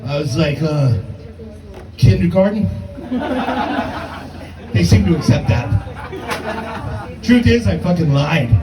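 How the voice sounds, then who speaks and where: A man's voice: sits high, reverberant, recorded from a distance, rough recording. A man in his fifties doing a brash, profane, self-mocking stand-up comedy set in a comedy club. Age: 50s.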